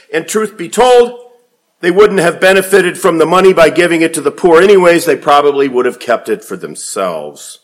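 A man preaching a sermon, swinging from quiet low passages to emphatic raised peaks. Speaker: pastor.

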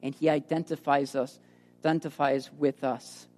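A woman's voice: low voice, level tone, normal speed, darkish tone. Woman preaching in an echoing hall. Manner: emphatic, rises and drops for emphasis. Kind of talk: sermon. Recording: reverberant hall.

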